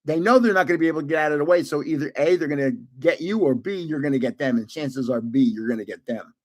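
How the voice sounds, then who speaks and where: He's a livestream host in his 70s whose slightly high voice moves at a quick pace. Animated and prone to laughter, he casually spins gaming stories, restarting as he goes.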